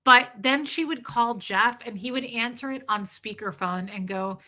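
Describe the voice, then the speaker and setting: A woman's voice: a little high, normal speed, pushed and bright. A middle-aged woman hosting a casual livestream, chatting bluntly, swearing freely and reading viewer comments aloud. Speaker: livestream host.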